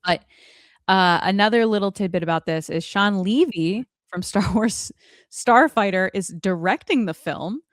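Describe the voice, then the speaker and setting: A woman's voice: medium pitch, a little slow, no room sound, studio quality. A woman hosting a casual podcast chat, leading the talk with chatty asides. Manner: chatty, leads the discussion with asides. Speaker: podcast host.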